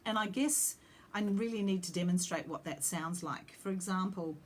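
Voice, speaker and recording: Lower-voiced woman teaching singing. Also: moderate pace, slight background noise. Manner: explanatory, demonstrating vowel sounds by singing. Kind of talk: vocal lesson with sung demonstrations.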